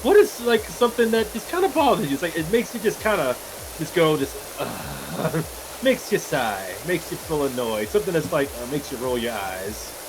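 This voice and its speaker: A man's voice: a little high, big pitch swings, moderate pace. A young man streaming a game, rambling casually to his chat and laughing often. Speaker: gaming streamer. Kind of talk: casual livestream chat with viewers. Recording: noisy stream audio.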